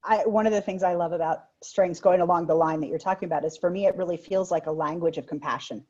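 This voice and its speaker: Husky animated woman hosting a chat. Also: fairly low pitch, fast, muffled recording. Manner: animated storyteller who acts out voices. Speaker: podcast host. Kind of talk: casual interview chat.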